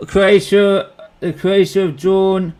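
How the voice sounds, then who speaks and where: A young man talks through a live football match at home, calling everyone "bruv" and swearing as the action unfolds. His voice sits a touch high and gets excitable on the big moments. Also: slow pace, smooth. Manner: excitable, swears freely, says "bruv" a lot. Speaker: host of a live football watchalong. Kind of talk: casual live match reaction chat.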